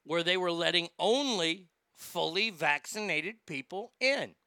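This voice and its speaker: A man hosting a comedy show, venting in a loose, sarcastic, profane ramble that keeps stammering and restarting. His voice is high and gravelly, with a smooth, very bright tone. The sound is close and dry. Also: animated, unhurried, no room sound. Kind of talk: profane comic rant.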